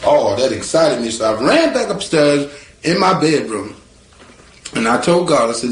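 A man, a guitarist from North Carolina, telling his life story in a lively, colloquial way. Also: on the high side, moderate pace. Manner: colloquial, lively, acts out voices with laughter. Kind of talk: animated spoken storytelling. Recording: roomy sound with faint guitar behind.

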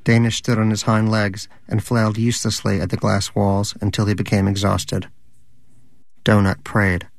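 Low-voiced man narrating a story. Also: little pitch movement, normal speed, creaky.

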